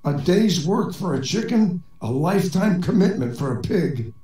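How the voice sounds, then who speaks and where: Corny joke-telling man, lively pitch. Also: moderate pace, echoey room, distant mic, low-quality recording. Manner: dry, corny joke delivery in a robot persona. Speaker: stand-up comedian. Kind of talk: joke-telling set in a voice chat.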